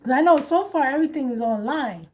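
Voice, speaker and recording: High-voiced woman chatting bluntly. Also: fast talker. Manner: animated, blunt, laughs often. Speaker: host. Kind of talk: casual chat.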